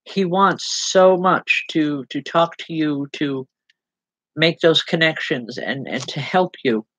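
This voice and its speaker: A woman's voice: deep voice, breathy edge, dry recording, rough recording. Lady medium doing live readings, stops and restarts a lot, soothing, dead dry mic. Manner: halting, repeating words, gently reassuring. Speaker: spiritual medium. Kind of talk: live online psychic readings.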